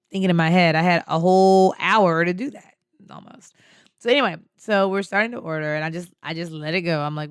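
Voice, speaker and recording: A woman hosting a podcast, telling a personal story in an animated, slangy way and laughing often. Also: on the low side, fairly quick, clean tone, no room sound, studio quality. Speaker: podcast host. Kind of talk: casual storytelling.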